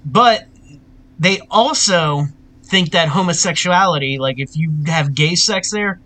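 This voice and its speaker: A man's voice: fairly high pitch, a little slow, pushed and bright. A young man recapping a film in casual, profane chat, laughing often as he tells it.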